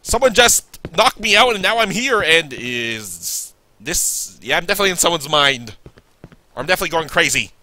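A man giving chatty gameplay commentary, joking back at the game and yelling in panicked bursts when he is attacked. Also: a little high, very animated, normal speed. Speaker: let's play gamer.

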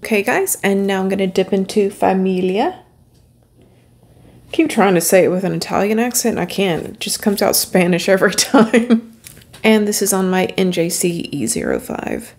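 A woman's voice: mid-range voice, lively intonation, moderate pace, a little mellow. A chatty, upbeat woman walks viewers through a makeup look step by step. She sounds friendly and casual, like a beauty vlogger talking straight to her regulars. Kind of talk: makeup tutorial narration.

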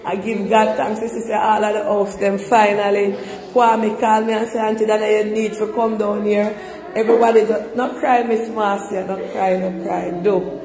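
A Jamaican woman holds back tears as she thanks her viewers and calls on God. Her voice rings out with a long reverb, while people talk loudly behind her. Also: mid-range voice, little pitch movement, normal speed, crowd noise. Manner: tearful, praising God, talks to viewers. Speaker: live-stream host. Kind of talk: emotional live chat.

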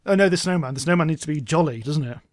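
A man's voice: fairly high pitch, lively intonation, rapid-fire, no room sound, clean studio sound. Jokey, sweary man. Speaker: gaming channel co-host. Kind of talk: casual gameplay chat.

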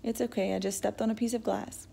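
A woman's voice: medium pitch, fairly even intonation, fast talker, creaky, warm tone, breathy edge. A woman voicing a sullen, defiant fifteen-year-old boy who answers curtly and sarcastically. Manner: curt, snappish, sarcastic.

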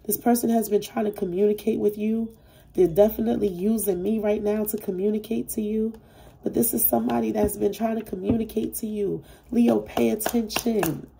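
A woman's voice: mid-range voice, gravelly, dark tone, slight background noise, rough recording. A woman giving a casual, heartfelt tarot reading, reassuring the listener over and over and swearing freely. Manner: repetitive, soothing reassurance. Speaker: tarot reader. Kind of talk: intuitive tarot reading to camera.

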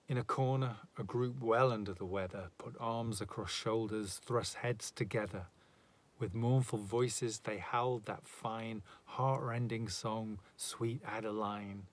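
A man reading a narrative poem aloud in a measured, dramatic way. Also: lowish voice, steady tone. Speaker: reader.

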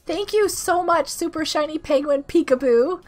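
High-pitched, giggly sick woman streamer. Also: normal speed, faint music behind. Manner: bubbly, giggly, reads chat aloud. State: sick with a cough. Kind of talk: casual live-stream chat.

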